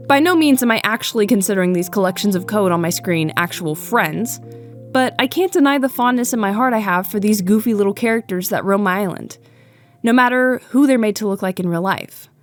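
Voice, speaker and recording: A woman's voice: mid-range voice, lively intonation, fairly quick, soft background music. A young adult woman giving earnest, reflective scripted narration for a video essay, with playful asides.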